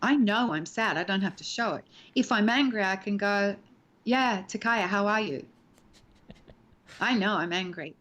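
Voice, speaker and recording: A woman's voice: medium pitch, moderate pace, a bit bright. A woman in her sixties, an actress, being interviewed over a video call from home and talking expressively about acting, acting out lines as she explains. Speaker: actress and guest. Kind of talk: animated interview talk.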